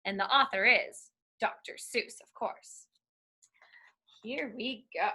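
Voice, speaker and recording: A woman's voice: on the high side, takes it slowly, pushed and bright, slightly rough. A woman reading a children's alphabet book aloud, sounding out letters in a playful, sing-song teacher's manner.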